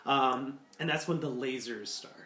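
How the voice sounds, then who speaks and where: A man's voice: medium pitch, a little slow, pushed and bright. A man narrating as game master of a tabletop game, rambling with many fillers. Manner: rambling, full of likes and ums. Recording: echoey room.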